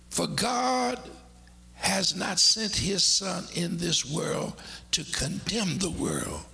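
A man preaching a sermon emphatically, with dramatic pauses, swinging from loud bursts to near-whispers. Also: high-pitched, vocal fry.

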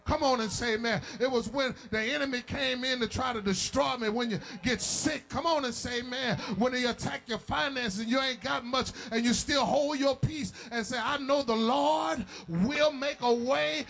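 A man preaching a fervent sermon, chanting and shouting to his congregation and calling for amens. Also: extremely high pitch, moderate pace, vocal fry, hardly any pauses, low-quality recording. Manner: calls out to the congregation.

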